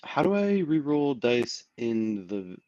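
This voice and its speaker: A man's voice: medium pitch, sing-song, slow, mellow, muffled recording. A man playing a tabletop game, describing his character in a rambling way, full of fillers. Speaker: player.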